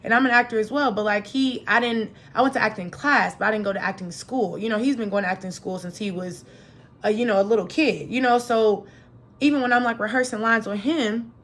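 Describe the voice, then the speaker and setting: Woman, young adult, podcast host, motivational solo talk, lively and chatty, slightly high pitch. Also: a little fast. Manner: lively, chatty, animated, acts out quoted voices.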